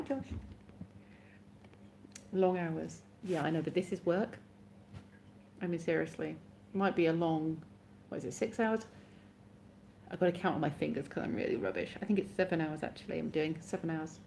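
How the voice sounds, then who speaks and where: A woman's voice: deep voice, moderate pace, vocal fry, long pauses, a little mellow, slight background noise. A woman hosting a live stream, chatting casually with her viewers, sleepy and yawning, giggly and self-mocking.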